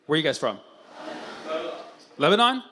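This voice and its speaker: A male stand-up comedian doing profane, fast crowd work on a club stage, bursting into shouted mock voices. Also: fairly high pitch, sing-song, very noisy.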